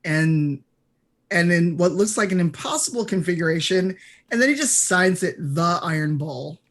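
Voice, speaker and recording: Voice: mid-range voice, moderate pace. A game master narrating a tabletop role-playing game in a casual, rambling way, full of fillers.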